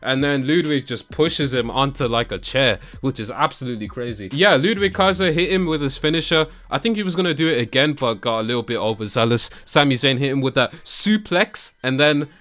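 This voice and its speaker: A young man recapping wrestling shows in a casual vlog, excitable and slangy, laughing often and mimicking the wrestlers. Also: mid-range voice, a little fast, few pauses. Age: young adult. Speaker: wrestling YouTuber. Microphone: camera that tracks him.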